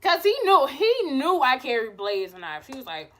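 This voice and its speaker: A young woman vlogger telling a casual storytime, animated and profane, acting out her own lines. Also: high voice, moderate pace.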